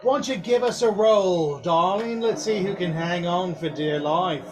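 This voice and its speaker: A man's voice: high-pitched, unhurried, over music. A man voicing a mocking female villain spirit who taunts and cackles. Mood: taunting. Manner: taunting, sing-song, cackling.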